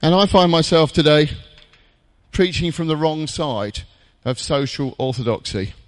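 A man preaching a jokey, conversational sermon in a church, with dramatic pauses. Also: on the high side, animated, in a large hall.

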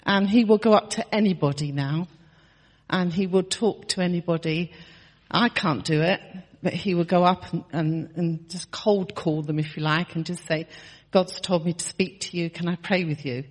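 A woman's voice: on the low side, moderate pace, slightly rough, in a large hall. A woman in her sixties telling a personal testimony in a chatty storytelling way, laughing often and restarting her sentences. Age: 60s. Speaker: church member sharing testimony.

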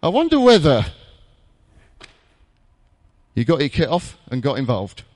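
A man preaching a jokey, conversational sermon in a church, with dramatic pauses. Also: fairly high pitch, huge pitch swings, a little mellow, big-room sound.

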